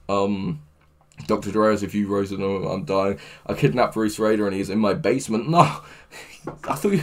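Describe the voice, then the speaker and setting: A man hosting a livestream, reading chat aloud in a crude, joking way and laughing often. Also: on the low side. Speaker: livestream host. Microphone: headphones with mic.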